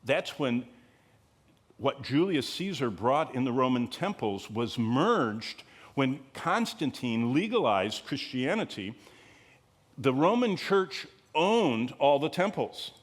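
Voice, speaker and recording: A man teaching the Bible to a live group in a conversational lecture, digressing often, asking the audience rhetorical questions and pushing key words higher for emphasis. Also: big pitch swings, slow.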